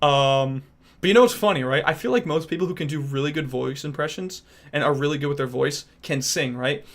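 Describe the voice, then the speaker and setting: A man's voice: fairly high pitch, a little fast, fairly bright tone. A man streaming who chats casually and rambles while trying out voice impressions. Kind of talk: casual chat.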